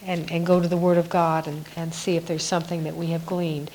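A woman giving a reflective devotional Bible teaching, musing aloud with soft laughs. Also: lowish voice, little pitch movement, brisk, a little hiss or hum, low-quality recording.

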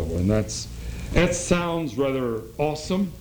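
A man preaching a sermon in an earnest way, reading scripture aloud with slow emphasis. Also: high-pitched, expressive, a little mellow, slight background noise, rough recording.

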